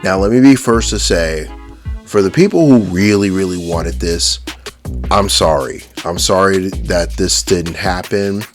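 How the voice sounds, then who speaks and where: Low slow-talking guy, cussing and joking around, casual vlog rant. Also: soft background music. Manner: profane, mocking, with lots of fillers and restarts. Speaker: toy collecting vlogger.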